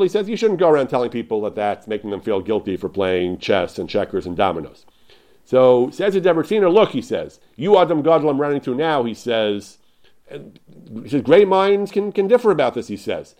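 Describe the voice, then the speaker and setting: Male Torah lecturer, mid-pitched, informal, animated retelling with many restarts. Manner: animated retelling, repeats "he says", frequent restarts.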